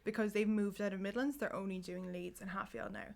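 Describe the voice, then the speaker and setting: A woman's voice: mid-range voice, steady tone, a little fast, creaky. A woman co-hosting a podcast, chatting casually and rambling with many "like"s and "um"s. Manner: rambling, full of "like" and "um". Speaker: podcast co-host. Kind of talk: casual chat.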